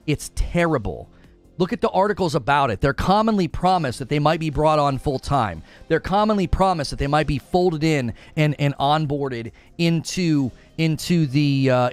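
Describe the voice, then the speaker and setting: A man streaming live about gaming news, arguing heatedly with a regular viewer and calling out studio decisions. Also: on the high side. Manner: heated, argumentative, rising to excited shouts.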